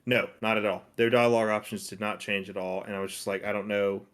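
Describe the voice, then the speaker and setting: A man co-hosting a casual gaming podcast, talking in a relaxed, thoughtful way with many fillers. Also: lowish voice, fast talker. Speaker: podcast co-host.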